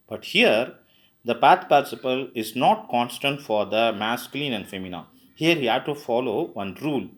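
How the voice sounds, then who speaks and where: A man's voice: medium pitch, fairly bright tone. Man teaching grammar, spelling words aloud. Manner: patient, asks questions then answers them himself. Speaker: French teacher. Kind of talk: classroom grammar lesson.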